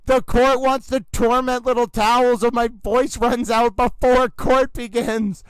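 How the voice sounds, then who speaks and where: A man's voice: very high voice, level tone, unhurried, smooth, no echo, poor audio. A man hosting a comedic livestream, talking like an overwrought horse-race announcer with theatrical exclamations. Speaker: livestream trial commentator.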